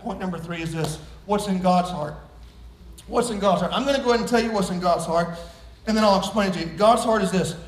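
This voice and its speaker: A man preaching a sermon to a congregation, joking and swinging from hushed asides to loud shouts. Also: sits high, far from the mic. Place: church sanctuary. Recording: echoey room, voice from off-mic.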